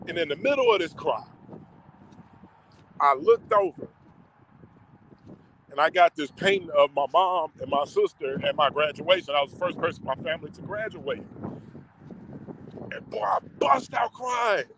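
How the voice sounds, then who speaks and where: A man telling a personal story to camera in a slangy, emotional, drawn-out way. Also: on the high side, fairly bright tone, slight background noise, poor audio.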